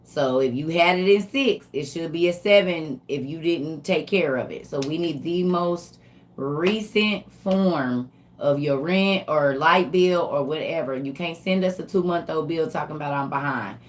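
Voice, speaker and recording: A woman's voice: low voice, unhurried. An older woman hosting a casual livestream, talking animatedly straight to her viewers. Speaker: livestream host.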